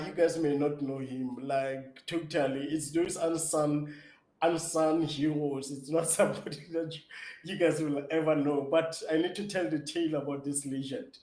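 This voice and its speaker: A man from Africa, answering interview questions as an app founder in an excitable, enthusiastic way. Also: on the high side, moderate pace. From South Africa. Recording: roomy echo.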